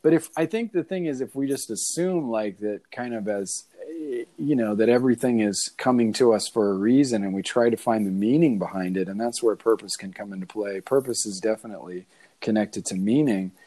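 A man with a low, soft, mellow voice talks in a relaxed, reflective way. He meanders through his thoughts with plenty of "you know"s, like a podcast host thinking out loud. The delivery is gentle and unhurried. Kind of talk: reflective casual conversation.

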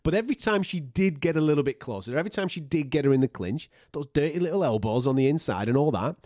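A man's voice: fairly high pitch, expressive, quick pace, a little mellow, dry recording, clean studio sound. A man co-hosting a casual sports podcast, ranting animatedly and swearing freely. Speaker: podcast co-host.

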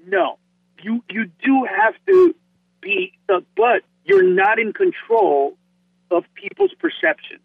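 A man from Honduras talks with lively, excitable energy, tripping over his first words as he builds up steam. His voice sits very high and gravelly. The sound is dry and squeezed down like a phone call. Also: slow, dry recording. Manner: animated, excitable, repeats words when starting. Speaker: comedian guest. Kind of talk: podcast interview chat.

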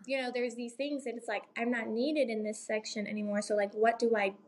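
A woman's voice: fairly high pitch, little pitch movement, brisk, darkish tone. A woman in her thirties chatting casually about motherhood, rambling with lots of fillers and tag questions. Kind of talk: casual chat.

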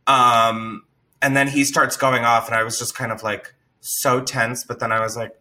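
A man telling a story in casual chat, animated and profane, with lots of "like.". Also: medium pitch, normal speed. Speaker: podcast co-host telling a story.

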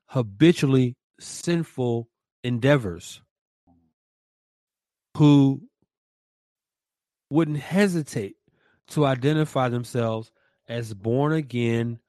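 A man's voice: medium pitch, a little mellow, no echo. Emphatic preaching-style man, dry sound. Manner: emphatic, repeats words for stress. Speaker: podcast co-host. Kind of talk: Christian commentary podcast.

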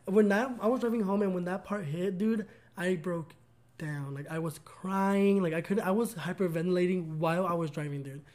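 A man's voice: high-pitched, fairly even intonation, normal speed, darkish tone. A young man co-hosting a podcast, telling a personal story in casual chat, earnest and gushing with lots of "like" fillers. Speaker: podcast co-host.

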